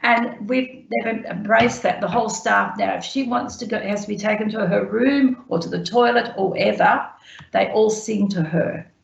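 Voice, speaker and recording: A woman with a strongly gravelly voice tells stories from her care work, acting out the conversations as she goes. She speaks over a video call that sounds roomy and echoey. The audio is dull and muffled. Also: medium pitch, moderate pace. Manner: lively storyteller acting out remembered conversations. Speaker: guest speaker sharing care experiences. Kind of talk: anecdotal storytelling on a webinar.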